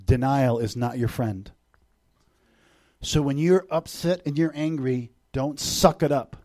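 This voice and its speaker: A middle-aged man preaching a sermon as a visiting preacher to a church congregation, animated, swinging between loud bursts and hushed, intimate passages, with joking asides. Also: medium pitch, unhurried.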